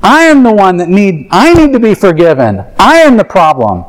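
A man's voice: high voice, wildly swooping pitch, normal speed, poor audio. A man preaching a sermon, telling a personal story in an earnest, confessional way and acting out his own thoughts.

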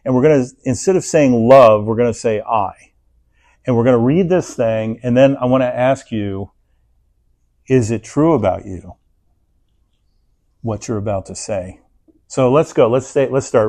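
Animated conversational male preacher. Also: mid-range voice, a little slow, pauses often. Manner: animated, conversational, acts out inner thoughts; leads the congregation in reading aloud. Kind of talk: sermon.

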